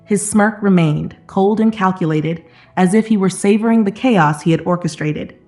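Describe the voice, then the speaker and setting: A woman narrating a scripted dramatic story in a slow, even, dramatic manner. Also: medium pitch. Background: soft background music.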